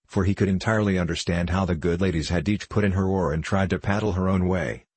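Audiobook narrator, man: deep, husky, measured, dry close recording. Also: dry recording. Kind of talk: scripted narration of a classic novel.

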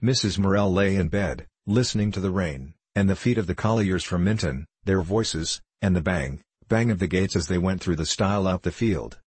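A man narrating an audiobook novel in a measured, even reading. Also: sits low, slightly rough, no echo. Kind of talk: scripted narration.

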